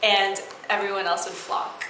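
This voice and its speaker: Brief: young woman, acting student, giggly rambling chat, bright voice, echoey room. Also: medium pitch, little pitch movement, moderate pace. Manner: giggly, rambling with many fillers. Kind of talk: casual chat. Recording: echoey room with faint noise.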